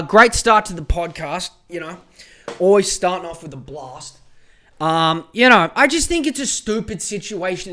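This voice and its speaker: A man's voice: sits high, fairly bright tone. A man, hosting a solo podcast and ranting in a profane, heated way with lots of stammered restarts. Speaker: podcast host.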